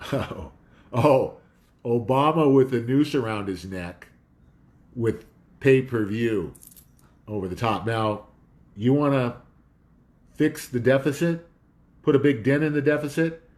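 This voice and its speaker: Male home host, slow unhurried delivery, rambling and conspiratorial, dog in the background. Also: mid-range voice, animated, darkish tone. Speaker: host of a home talk show. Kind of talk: casual monologue.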